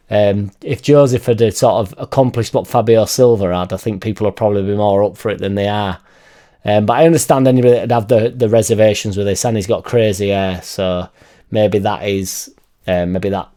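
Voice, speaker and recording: A man's voice: lowish voice, warm tone. A man with a Yorkshire accent chatting casually in a football fan vlog, rambling and swearing freely. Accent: Yorkshire English. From Leeds, England.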